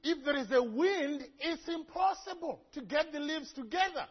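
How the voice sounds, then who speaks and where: A man from Africa preaches a sermon before a congregation in church, his very high-pitched voice at normal speed on a muffled recording. His storytelling is lively and sprinkled with humorous asides.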